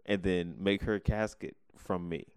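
A man's voice: low-pitched, fairly even intonation, a little slow, clean tone, no room sound, studio quality. A young man co-hosting a podcast in casual chat, joking and laughing often. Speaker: podcast co-host.

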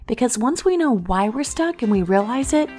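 A woman's voice: on the high side, animated, moderate pace, darkish tone, faint music behind. Earnest, encouraging woman podcast host. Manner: earnest and encouraging, speaks straight to the listener. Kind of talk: casual podcast monologue.

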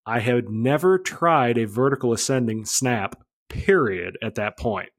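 A man's voice: mid-range voice, unhurried. A man telling a story about flying, casual and blunt, swearing freely and acting out radio calls. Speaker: aerobatic pilot guest.

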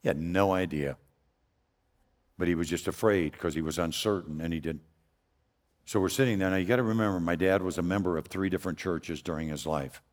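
Loud, deep-voiced older man preaching. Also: a little fast. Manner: loud, folksy and earnest. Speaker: guest preacher. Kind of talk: storytelling sermon. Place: church sanctuary. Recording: long hall reverb.

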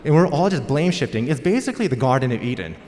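A man's voice: mid-range voice, very animated, fast talker, a little mellow. An American man preaching a sermon as pastor, in a conversational storytelling manner. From United States. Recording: long hall reverb.

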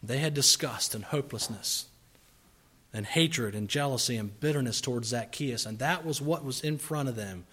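A man preaches at normal speed in a mid-range voice with a breathy edge. He voices grumbling characters, asks rhetorical questions, and moves back and forth between soft asides and loud outbursts.

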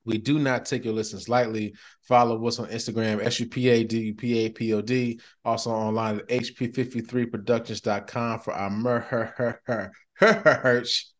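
Animated, middle-aged male podcast host. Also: mid-range voice, brisk. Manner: animated, laughing, slangy banter. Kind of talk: casual chat.

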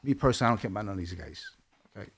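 A man's voice: fairly low pitch, animated, very fast, gravelly, breathy edge. A man from Brooklyn with a Brooklyn accent, speaking as a guest. He tells his story in a blunt, streetwise way, often quoting the dialogue. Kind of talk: casual interview storytelling.

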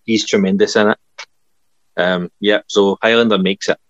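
A man's voice: lowish voice, steady tone, moderate pace, no echo. A man, chatting eagerly about films he loves. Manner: enthusiastic, laughs often, says aye. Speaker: podcast co-host. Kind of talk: casual chat. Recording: dull lo-fi dry sound.

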